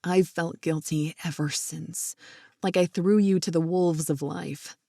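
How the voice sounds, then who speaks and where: A woman reading as a warm-hearted man in love; drop the voice low, keep it gravelly and close. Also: steady tone, a little slow, dry recording, full character voice. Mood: tender. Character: smitten man in his thirties, tender, playful.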